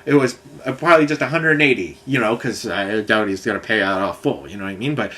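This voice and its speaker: A man's voice: on the low side, fast, fairly bright tone. Ranting, swearing man. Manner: angry, profane, rambling storytelling. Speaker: vlogger. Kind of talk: ranting monologue.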